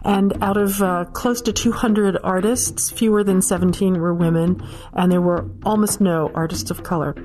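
A woman recalling her early days in the art world in an interview. She speaks in a measured, pointed way with a few hesitations. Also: on the low side, steady tone, darkish tone. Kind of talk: recounted history in an interview.

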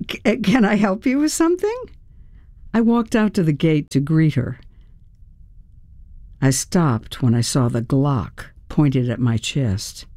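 A woman reading a first-person story as an audiobook narrator, in a measured, steady storytelling manner. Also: deep voice, no echo, clean studio sound.

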